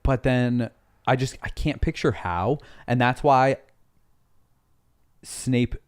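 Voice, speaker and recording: A man talks over a book with friends in an everyday mid-pitched voice. He thinks out loud, weighs his points slowly and backs the others up with short yeps. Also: clear, resonant tone. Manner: thoughtful, reasoning aloud, frequent agreement words. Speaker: podcast co-host. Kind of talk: casual book discussion.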